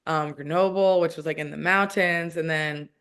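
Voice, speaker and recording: A woman in her thirties speaks as a guest in a relaxed interview. Her speech is chatty and loose, full of "like" and half-finished phrases that she starts over. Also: low voice, normal speed, clear, resonant tone. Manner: chatty, heavy use of "like", frequent restarts. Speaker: guest, professional soccer player. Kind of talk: casual interview conversation.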